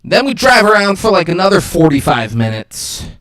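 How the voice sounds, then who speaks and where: Male podcast co-host, somewhat high voice, loose comic storyteller who swears freely. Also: moderate pace. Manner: animated, profane, comic storyteller. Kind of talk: casual storytelling chat.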